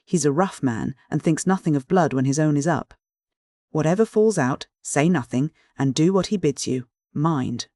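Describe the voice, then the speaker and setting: A man's voice: a little high, expressive, moderate pace, darkish tone, no echo, studio quality, lightly acted. A man voicing Fagin, a crafty wheedling old thief. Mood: warning. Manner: cajoling, mock-affectionate, chuckling. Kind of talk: audiobook character voice.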